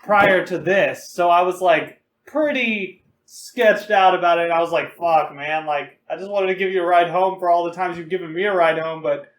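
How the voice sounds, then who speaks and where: A young man with a high, light voice tells rowdy stories on a podcast, swearing freely and laughing as he goes. He sounds loose and unpolished, and his voice rings in an echoey room. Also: normal speed, hardly any pauses, a bit bright. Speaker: podcast co-host. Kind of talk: casual storytelling.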